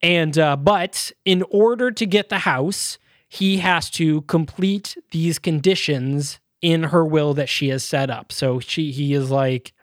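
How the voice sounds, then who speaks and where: Brief: male podcast co-host, fairly high voice, dry close sound, loose rambling film recap. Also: takes it slowly, no echo. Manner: loose retelling full of uh and um fillers. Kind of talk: casual movie review chat.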